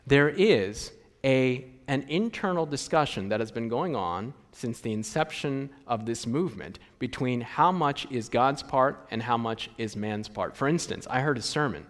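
A man's voice: medium pitch, fairly bright tone, long reverb tail. A man preaching a sermon in a church, asking the congregation rhetorical questions in a conversational way. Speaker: pastor.

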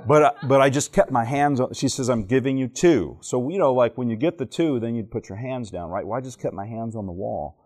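A man's voice: mid-range voice, brisk, hardly any pauses, a little mellow. Joking man teaching a church crowd. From Alabama, southern United States. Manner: joking storyteller who quizzes the audience. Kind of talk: teaching talk to a live audience.

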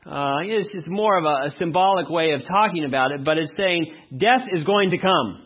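A man preaching a sermon as pastor, reading verses slowly and loudly, then dropping to quiet asides. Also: fairly high pitch, slightly rough, highs cut off.

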